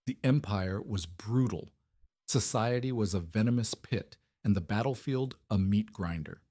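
Low-voiced male story narrator. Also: darkish tone, no room sound, studio quality.

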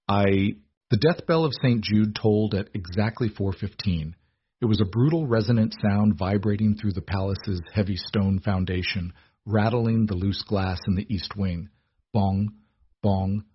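A man reading a story aloud in a measured, dramatic narration. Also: on the low side, breathy edge. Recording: dull lo-fi recording.

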